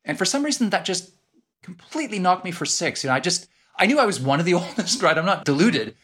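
Animated Canadian man telling stories. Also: high voice, quick pace, slightly rough. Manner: animated storyteller, laughs often. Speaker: author and guest. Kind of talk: podcast interview.

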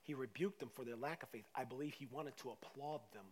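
A man preaching a sermon to his church, telling a story in lively, casual words that swing from loud to hushed. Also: mid-range voice, brisk, slight background noise. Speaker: pastor.

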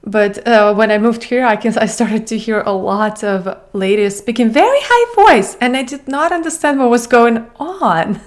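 A woman's voice: a little high, lively intonation, normal speed, few pauses. A woman podcast host with a Russian accent, a non-native English speaker asking earnest questions and searching for words. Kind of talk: interview questions.

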